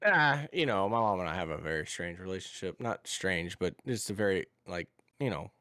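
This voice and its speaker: A man's voice: deep voice, normal speed, hardly any pauses, no room sound, clean studio sound. A man in his thirties telling stories in casual podcast chat, acting out the voices of the people in them. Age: 30s. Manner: animated storyteller, acts out voices. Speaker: podcast guest.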